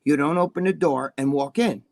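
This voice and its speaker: A man's voice: a little high, moderate pace, creaky, darkish tone. A man talking as a podcast guest, telling blunt, profane stories and checking in with his listener as he goes. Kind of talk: casual chat on a live-streamed podcast.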